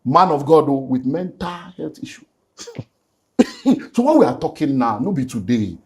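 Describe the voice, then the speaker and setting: A man's voice: mid-range voice, sing-song, moderate pace, a crowd in the background. A middle-aged man with a Nigerian accent, a pastor giving an emotional personal testimony as a guest and slipping into Pidgin. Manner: earnest, slips into Nigerian Pidgin.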